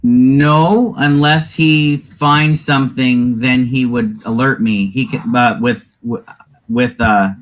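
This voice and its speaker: A man's voice: mid-range voice, fairly even intonation, slow pace. Hesitant man playing a tabletop game. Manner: thoughtful, hesitant with fillers. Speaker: player. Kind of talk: casual tabletop play.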